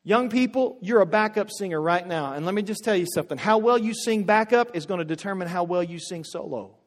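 High-voiced preacher in an echoing hall. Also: male voice, a little fast. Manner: emphatic, repeats phrases, swings from loud to hushed. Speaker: pastor. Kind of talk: sermon.

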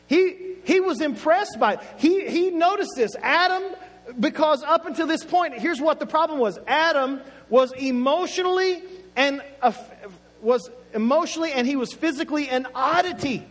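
A man's voice: extremely high pitch, expressive, moderate pace. A man from Oklahoma with an Oklahoma accent, preaching a sermon in a playful, conversational way and stretching words for emphasis. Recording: echoey hall with faint music.

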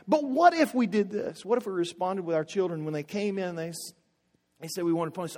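High-voiced preacher in an echoing hall. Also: male voice, brisk. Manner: emphatic, repeats phrases, swings from loud to hushed. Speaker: pastor. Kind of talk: sermon.

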